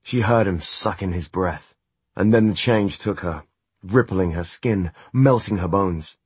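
A man narrating a novel as an audiobook in a steady, measured reading. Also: deep voice, breathy edge, no room sound. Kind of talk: scripted narration.

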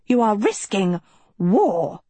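A woman voicing a stern, commanding female evil teacher who speaks in a cold, menacing, forceful way. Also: medium pitch, big pitch swings, slow, slightly rough, no room sound, exaggerated voice.

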